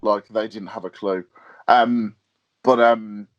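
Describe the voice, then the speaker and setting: A young British man, a guest on a podcast interview, chatting casually and telling lively stories with lots of fillers and laughs. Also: lowish voice, slow. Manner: lively storyteller, laughs often, hesitant fillers. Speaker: wrestler and promoter, guest. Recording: dull lo-fi podcast audio.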